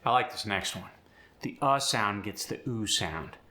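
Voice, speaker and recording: Teaching an accent, this male coach breaks down each sound change in turn and then reads an example sentence. His voice is lowish, expressive and bright with a forceful edge, and he never rushes.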